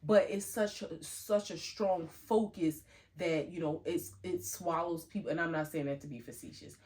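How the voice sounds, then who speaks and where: A middle-aged woman co-hosting a relaxed podcast chat. Her voice sits a little low, and she tells stories with animation. She acts out quoted lines with a lift in her voice. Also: normal speed. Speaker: podcast co-host. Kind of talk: casual chat.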